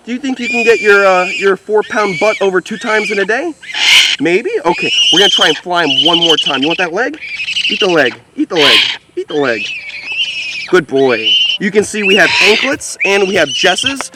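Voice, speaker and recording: A young man hosting a wildlife vlog outdoors, talking with excited, upbeat enthusiasm about his work. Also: high-pitched, very noisy. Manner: excited, upbeat, exclaims how amazing things are. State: out of breath. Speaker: wildlife vlogger. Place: outdoors by a lake.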